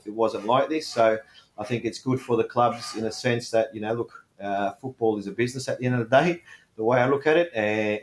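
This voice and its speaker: A man speaking as a football coach, answering interview questions in a measured way, leaning on "look" and "I think". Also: mid-range voice.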